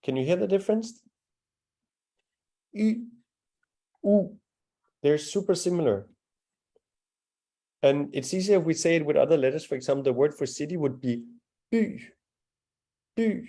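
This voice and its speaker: A male language teacher runs a live class with a mellow, warm voice. He speaks patiently, demonstrating sounds one by one and praising his students' attempts. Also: on the high side, fast talker.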